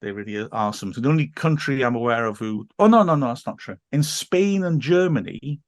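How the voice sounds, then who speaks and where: Podcast guest: english man, mid-pitch, chatty and rambling, dry close sound. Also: animated, brisk, no room sound. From England. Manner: chatty, digressive, laughs often. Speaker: teacher and football guest. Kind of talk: casual podcast chat.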